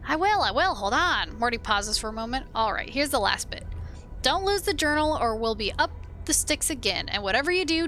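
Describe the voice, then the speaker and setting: Chatty shifty skull guy from a game, a woman doing him, bright high voice, bit of hiss behind. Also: exaggerated voice. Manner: chatty, wheedling, defensive. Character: wisecracking floating male skull, sly and evasive.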